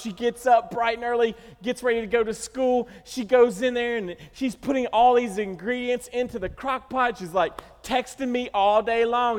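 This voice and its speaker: A man's voice: very high voice, steady tone, moderate pace, clean tone. A middle-aged man preaching a sermon as pastor, telling stories animatedly and acting out the quotes. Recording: reverberant church hall.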